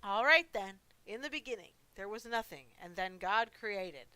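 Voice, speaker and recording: A woman's voice: mid-range voice, expressive, moderate pace, bright, forceful tone, no room sound, poor audio. A woman voicing a lonely, forgetful old male monster in a horror game, who rambles and mocks himself. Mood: chatty. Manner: rambling, self-mocking, talks to himself.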